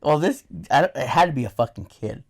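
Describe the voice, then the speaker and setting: A man's voice: a little high, a little fast, vocal fry. A middle-aged man co-hosting a casual podcast, telling stories with heavy swearing and mocking quoted voices, on a microphone that peaks and distorts. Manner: profane, animated storytelling with mocking put-on quotes. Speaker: podcast co-host. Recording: peaking, distorted microphone audio.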